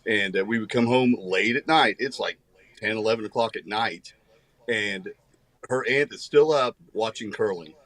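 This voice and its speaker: A man co-hosting a podcast, chatting casually and telling relaxed stories. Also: on the low side, normal speed, dry recording. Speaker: podcast co-host. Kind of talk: casual chat.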